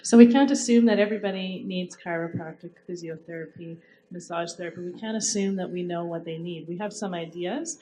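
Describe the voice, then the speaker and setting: Woman panelist making a measured point. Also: lowish voice, mellow, poor audio. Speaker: panelist, health professional. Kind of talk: panel discussion.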